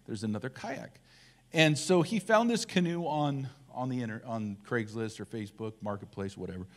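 A middle-aged man, a church elder, preaching a casual, humorous sermon full of animated asides and self-deprecating jokes. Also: medium pitch.

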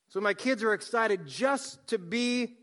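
Man, pastor, sermon, high voice, hushed endings, loud emphatic lines. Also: unhurried.

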